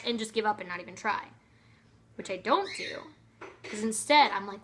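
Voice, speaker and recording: A young woman giving an earnest, expressive motivational talk to camera, with many fillers and restarts. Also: on the high side, normal speed, a little hiss or hum. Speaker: motivational vlogger.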